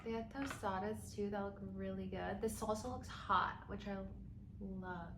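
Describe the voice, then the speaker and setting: A woman's voice: medium pitch, normal speed. A young woman vlogging casually on her phone, chatty and tired, often laughing. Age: young adult. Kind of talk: casual vlog. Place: city street outdoors, later indoors in a room. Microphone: handheld phone. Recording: noisy street, echoey.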